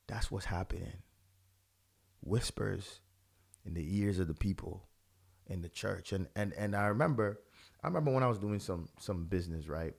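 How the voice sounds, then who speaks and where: Man, pastor, low voice, impassioned commentary, lots of restarts. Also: expressive, normal speed, gravelly. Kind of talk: religious video commentary.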